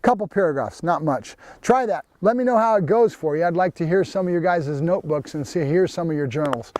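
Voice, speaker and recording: High-voiced man teaching dog training. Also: fairly quick, a little mellow, dry recording. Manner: plain, instructive, addresses viewers directly. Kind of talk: instructional training video.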